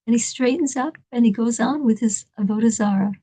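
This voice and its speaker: A woman telling an inspirational story in an animated, dramatic way, laughing between lines. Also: fairly high pitch, brisk, few pauses.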